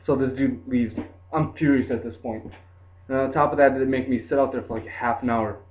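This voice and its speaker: A man's voice: mid-range voice, fairly even intonation, a little fast. Laid-back young guy, tinny lo-fi sound. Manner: rambling, laid-back, lots of "like" and "dude". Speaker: storyteller. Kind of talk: casual storytelling to camera.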